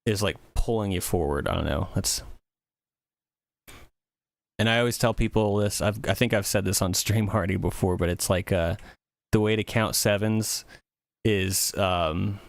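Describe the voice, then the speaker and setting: A man's voice: on the low side, normal speed, gravelly, long pauses, no echo. A man chatting casually on a music livestream, rambling and thinking aloud with many fillers. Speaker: music streamer.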